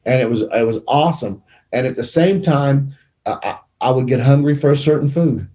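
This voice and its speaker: Man, middle-aged, dark mellow voice, emotional storytelling, studio mic. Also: mid-range voice, fairly quick. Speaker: guest telling his testimony. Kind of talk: conversational testimony. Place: small media studio. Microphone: studio microphone.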